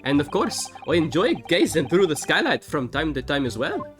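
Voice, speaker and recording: A woman's voice: low voice, very animated, normal speed, over music. A woman doing a chatty old Irish gent. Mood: folksy. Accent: put-on exaggerated Irish. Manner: folksy brogue, theatrical reading. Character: jovial older Irish male passenger witness. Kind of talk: game dialogue read aloud.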